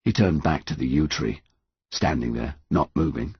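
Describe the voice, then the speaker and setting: A man's voice: extremely low pitch, animated, normal speed, breathy edge, no echo, dull audio. A man narrating an audiobook in a dramatic, tense reading. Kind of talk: scripted narration.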